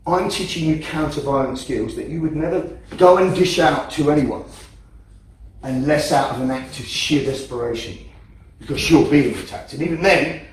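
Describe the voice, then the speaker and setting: Man, combat instructor, blunt and profane, emphatic coaching, distant mic, echoey training hall. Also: on the high side. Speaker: self-defense instructor. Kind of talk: teaching a combatives class.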